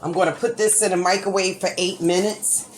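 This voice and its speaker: A woman with a fairly low, steady voice walks viewers through a recipe on her cooking channel from her home kitchen. Her talk is casual, full of "right?" and "okay?", quick in places and punctuated by easy laughter. The recording is very noisy.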